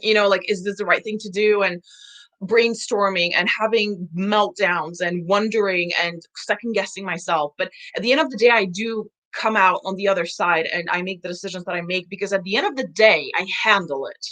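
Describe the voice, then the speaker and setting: A woman's voice: medium pitch, sharp tone. A young woman coach on a live stream, speaking frankly and emotionally, swearing often, reading out viewer comments and answering them. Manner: frank, emotional, heavy swearing and quick laughs.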